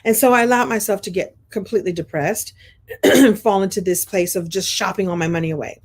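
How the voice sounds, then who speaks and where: A middle-aged Brooklyn woman who hosts a coaching program tells a story to her online group. She's chatty and animated, talking fairly quickly in a mid-range voice, with restarts and frequent throat clearing. Her sinuses sound congested.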